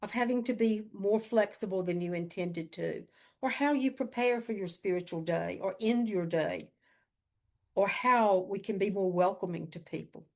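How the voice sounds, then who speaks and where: A woman's voice: medium pitch, normal speed. A woman leading a church sharing time, inviting others with open questions. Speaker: discussion leader.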